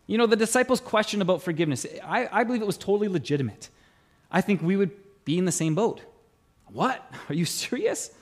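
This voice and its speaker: A middle-aged man preaching a sermon as pastor, telling a story with animated acted-out dialogue. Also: sits high, fast talker.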